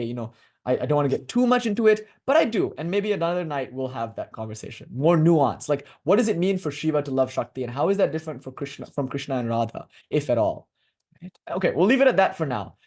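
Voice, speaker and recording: A man lecturing on devotional philosophy in a loose, conversational way. He jokes with his listeners and laughs at his own asides. His voice sits slightly high for a man. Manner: animated, jokey asides and laughter, chanting at the close. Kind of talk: informal spiritual lecture.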